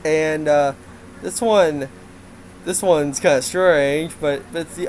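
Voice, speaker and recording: A man's voice: fairly high pitch, fairly even intonation, slow pace, a little hiss or hum, poor audio. A man giving a casual game development update, rambling with lots of fillers and frequent laughs.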